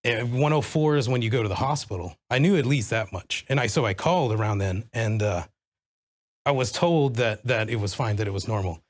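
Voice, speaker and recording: A man's voice: mid-range voice, fairly quick. A man appears as a guest and tells his own account earnestly. He halts often and leans on fillers, speaking in an ordinary mid-range voice. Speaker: guest parent. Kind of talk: personal account in a talk show.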